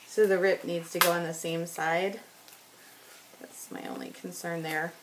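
A scrapbooking vlogger talks casually while working on a layout, joking about herself and laughing often. Her pitch is fairly low, her delivery flat and unhurried, and there's noise in the background.

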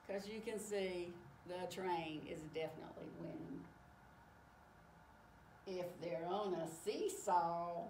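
A woman reading a picture book aloud to children, exclaiming often in an animated way. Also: a little high, slight background noise. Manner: animated, exclaiming, slow and warm-paced. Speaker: storyteller. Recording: echoey room, far from mic.

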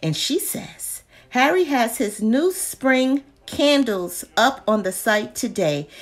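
A woman vlogging a casual check-in on store deals, chatty and playful, talking to herself between laughs. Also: mid-range voice. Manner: playful, talks to herself, drops into whispers and laughs. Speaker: vlogger reviewing shopping deals.

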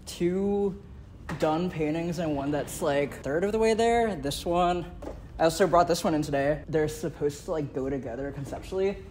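A man's voice: fairly high pitch, normal speed, a little mellow, slight background noise. A young man, an art student, talking casually in a studio, rambling with lots of "like" and dry teasing. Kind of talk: casual chat.

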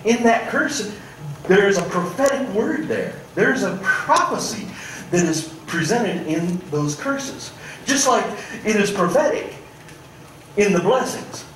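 A man's voice: high voice, measured pace, a little hiss or hum. Preaching man in an echoey church. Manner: animated preaching, swings from loud to hushed. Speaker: pastor. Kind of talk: sermon. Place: church sanctuary. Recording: echoey church room, mic at a distance.

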